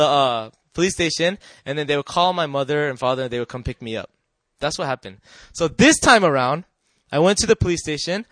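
A man giving a personal testimony to an audience, telling his story earnestly and often checking in with the listeners, sometimes dropping soft and quiet. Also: fairly high pitch, no room sound. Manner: earnest and emotional, drops soft and quiet at tender moments. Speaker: speaker sharing a personal testimony.

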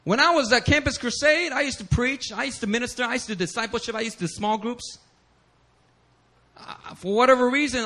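A man preaching a sermon as pastor, telling stories animatedly with bursts of shouting and laughter. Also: high voice.

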